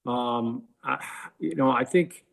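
Guy with a raspy voice rambling thru a story, lots of likes. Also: medium pitch, slow pace. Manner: rambling, many likes and ums. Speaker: guest. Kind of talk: casual storytelling.

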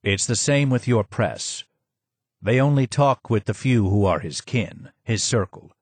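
A man voicing a calm, measured Persian man who speaks low and steadily. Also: slightly rough, no room sound.

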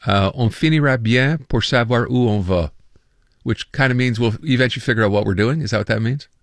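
A man's voice: mid-range voice, fairly quick, no echo, studio quality. A man hosting a call-in radio show, chatting casually and reading listener texts aloud with amusement. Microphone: studio microphone.

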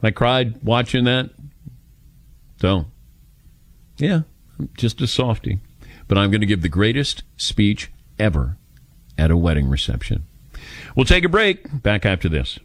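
A man's voice: on the low side, big pitch swings, measured pace, pauses often, no room sound. A man in his fifties hosting a radio talk show, chatting and telling stories about himself in a casual, self-deprecating way into a studio microphone.

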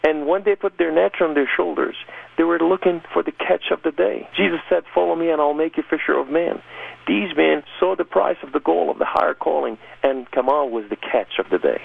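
A man's voice: a little high, brisk, gravelly, breathy edge, no echo. A man earnestly telling his life story as a guest in a radio interview, heard over a tinny phone-like line. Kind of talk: personal testimony in a radio interview.

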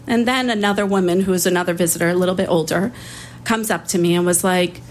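A woman public defender telling a personal story in a conversational way, with small restarts and pauses. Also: on the low side, slight background noise.

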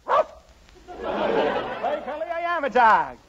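A brogue-thick Irish setter dog. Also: male voice, high voice, lively intonation, moderate pace, a crowd in the background. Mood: jovial. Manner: thick put-on Irish brogue, chuckling, blustery. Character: jovial Irish cop turned Irish setter dog, male. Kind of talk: 1940s radio comedy acting. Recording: dull lo-fi old radio recording with faint hiss.

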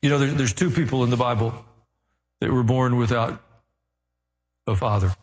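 Earnest preacher in a reverberant hall. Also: male voice, moderate pace. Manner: earnest, rising in pitch and intensity, dry asides. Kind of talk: sermon.

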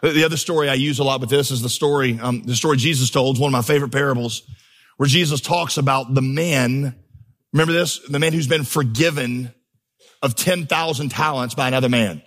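A man's voice: medium pitch, brisk, a bit bright. A man preaching a sermon as pastor, telling stories with humor and building to emphatic, impassioned crescendos. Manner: storytelling, humorous asides.

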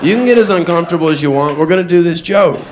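Deadpan male stand-up comic. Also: on the high side, racing. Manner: deadpan, mock-earnest, playful asides. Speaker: stand-up comedian. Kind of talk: stand-up comedy set. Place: comedy club stage with audience. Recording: live club, audience laughter and noise.

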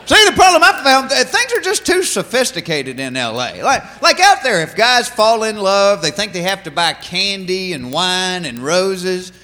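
A man from Georgia with a Southern accent, doing stand-up comedy as an animated, drawling storyteller who hollers his punchlines. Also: high-pitched, normal speed, hardly any pauses. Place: large live venue with audience. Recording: live hall with crowd and noise.

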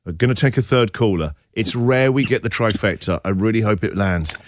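A man hosting a radio show, chatting with callers in a lively, joking way. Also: lowish voice, fairly quick, no echo, studio quality. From England. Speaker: radio host. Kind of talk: casual radio chat with callers.

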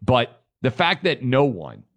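A man's voice: medium pitch, wildly swooping pitch, slow pace, fairly bright tone. A man co-hosting a political talk show, emphatic as he reads out quotes and argues. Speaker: radio co-host.

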